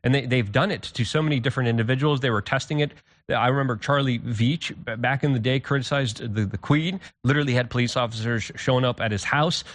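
A man's voice: medium pitch, quick pace, fairly bright tone. A man speaking as a talk show guest, heated and stumbling over restarts.

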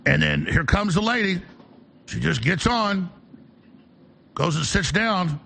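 A man's voice: high voice, very animated, vocal fry, bright, forceful tone, slightly rough. A man hosting a talk radio show, delivering an emphatic, ranting opinion monologue. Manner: emphatic, ranting, fast-talking.

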